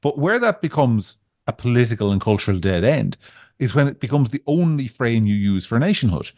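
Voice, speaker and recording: A man's voice: mid-range voice, sing-song, fairly quick, a little mellow, dry recording. A man with an Irish accent co-hosting a podcast, talking in a discursive, wry way with frequent restarts. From Ireland. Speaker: podcast co-host. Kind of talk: casual political chat.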